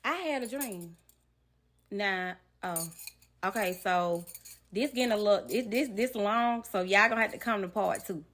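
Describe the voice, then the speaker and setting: A young woman vlogger telling a personal story straight to camera, animated and emotional, speaking directly to her viewers. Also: medium pitch, a little slow. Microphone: phone or camera facing the speaker.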